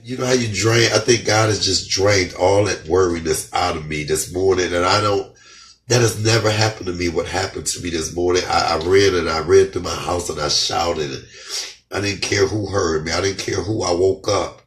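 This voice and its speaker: A middle-aged man speaking fervently in an emotional testimony vlog, a little hoarse from shouting and crying with joy, talking in his house. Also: low-pitched, moderate pace, a little hiss or hum. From United States. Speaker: comedian vlogger. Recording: echoey room, off-mic.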